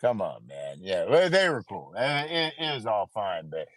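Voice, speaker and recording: A man telling stories in a casual chat, animated and freely profane. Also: mid-range voice, normal speed, no echo, low-quality recording.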